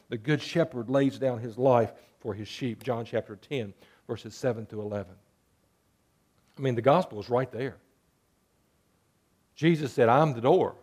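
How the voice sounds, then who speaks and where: A man's voice: medium pitch, darkish tone. A man preaching a sermon, moving between earnest scripture reading and playful jokes with sheep bleats. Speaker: pastor.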